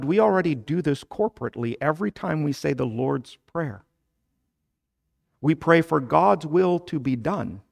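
Male pastor, sermon delivery; slow, measured, gravelly tone that swells to emphatic prayer. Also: fairly high pitch. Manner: preaching, rising to loud emphatic petitions; explains scripture slowly, then builds to loud emphatic petitions.

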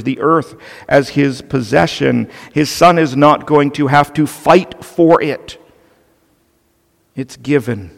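A man's voice: mid-range voice, gravelly. A male pastor preaching a sermon earnestly and with animation, turning to the children with playful asides. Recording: long reverb of a large hall.

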